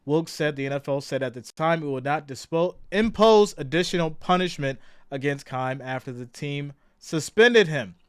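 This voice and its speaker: A man hosting a casual sports live stream, loud and excitable, greeting chat viewers by name and swinging between shouted hype and low asides. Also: normal speed, smooth, no room sound, clean studio sound. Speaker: sports livestream host.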